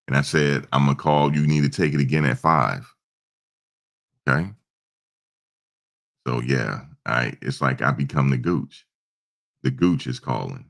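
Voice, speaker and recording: A man's voice: very deep voice, a bit bright. A man hosting a casual live stream, telling loose stories about looking after his mother. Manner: loose, storytelling, imitates his mother and himself in quotes. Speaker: show host. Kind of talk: casual livestream talk.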